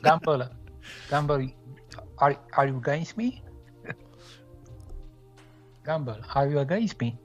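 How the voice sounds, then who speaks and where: A man's voice: fairly high pitch, expressive, takes it slowly, pauses often, soft background music. A man from Poland in a heated casual argument in a group voice chat, swearing and repeating himself insistently.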